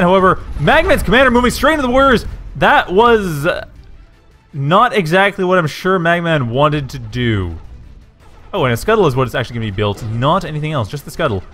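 Chatty male esports caster, morning voice. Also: medium pitch. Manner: chatty, self-correcting, excitable at action moments. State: low morning voice after just waking. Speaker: game caster. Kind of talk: esports play-by-play commentary.

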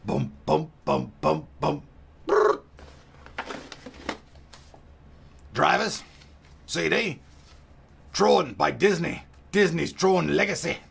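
A man doing a gruff pirate voice in a playful way while unboxing a product, with sound effects between his words. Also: on the high side, fairly bright tone, slight background noise, heavily acted.

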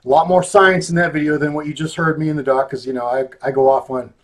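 A man with a fairly high voice hosts a relaxed talk, cracking jokes and keeping the banter loose. He sounds easygoing and unhurried. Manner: joking, laid-back banter. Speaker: host, magazine editor. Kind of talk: casual chat.

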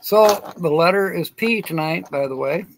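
A man's voice: high-pitched, moderate pace, noisy background. A man hosting a casual live stream outdoors, rambling and chuckling as he answers viewers by name. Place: outdoors in sunshine.

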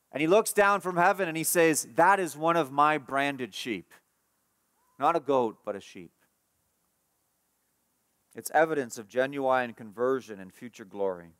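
A man preaching a sermon as pastor, emphatic and repetitive, dropping to a soft hush for tender passages and rising for key points. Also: unhurried, long pauses, no room sound, clean studio sound. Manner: emphatic preaching, repeats key phrases, rises in pitch and force when stressing points.

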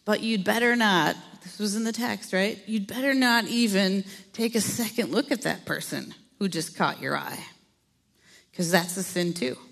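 A woman's voice: medium pitch, normal speed, creaky, a bit bright, big-room sound. A middle-aged woman pastor with an Upper Midwest American accent gives a chatty sermon, with playful asides to the congregation. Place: church sanctuary.

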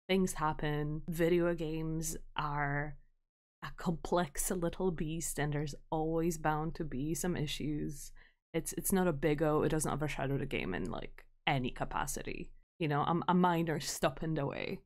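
A woman's voice: deep voice, a little slow, darkish tone. A woman streamer chatting casually over gameplay, rambling and self-deprecating, with many fillers. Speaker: game streamer.

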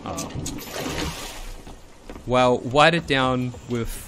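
Guy streaming in a silly uwu voice, w for r, slow and unhurried, noisy background. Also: medium pitch. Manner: put-on cutesy uwu voice, r sounds turned to w; playful, silly asides. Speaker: game streamer. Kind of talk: casual live-stream chat while gaming. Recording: steady background noise under the voice.

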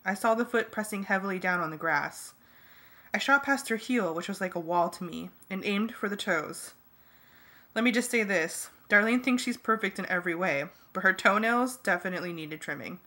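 A woman reading a fan audiobook in the first person, lively and jokey. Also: medium pitch, normal speed. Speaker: audiobook reader.

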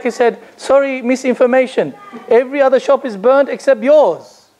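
A man's voice: very high-pitched, darkish tone, poor audio. A man, an imam, giving a religious lecture to a gathering, telling stories and asking rhetorical questions with a touch of humor.

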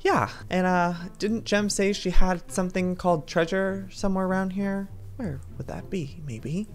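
A man's voice: high voice, normal speed, faint music behind. A man hosting a playful let's-play video, talking theatrically with frequent gasps and sneaky stage whispers. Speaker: gaming video host.

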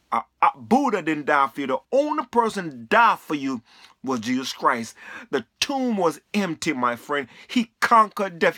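Fervent preacher man, bright dry voice. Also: fairly high pitch, no echo. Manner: fervent, repetitive, quotes scripture. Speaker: street preacher. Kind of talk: preaching to camera.

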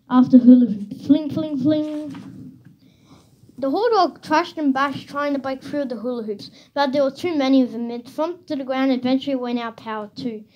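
Woman, children's book reading, expressive storytelling, high pitch, dull lo-fi sound. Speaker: reader.

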